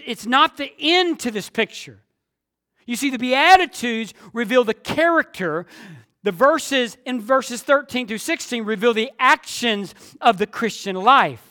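A man's voice: very high-pitched, pushed and bright. A man preaching a Sunday sermon, repeating key phrases for emphasis and drawing out his words. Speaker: pastor.

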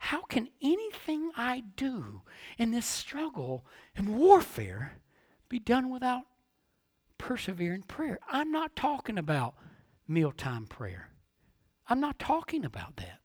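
Pastor, male, very high bright voice, dry close sound, sermon delivery moving from hushed to emphatic. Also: wildly swooping pitch, slow pace, no echo. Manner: preaching with rhetorical questions, swinging from hushed to emphatic.

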